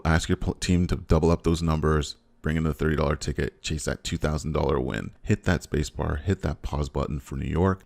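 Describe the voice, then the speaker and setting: A man hosting a lottery strategy video, running through number sets in a fast, repetitive, hyped-up patter full of catchphrases. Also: a bass voice, creaky, darkish tone. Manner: repetitive, hypes up bets with catchphrases. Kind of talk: fast upbeat instructional patter.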